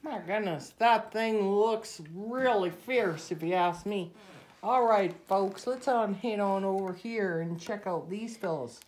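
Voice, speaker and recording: A woman narrating playful toy play in an animated, exclaiming way. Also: mid-range voice, slow.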